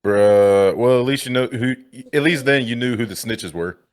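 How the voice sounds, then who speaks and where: A man's voice: medium pitch, moderate pace, clear, resonant tone. A man co-hosting a podcast, chiming in with joking, swearing reactions in casual chat. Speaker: podcast co-host.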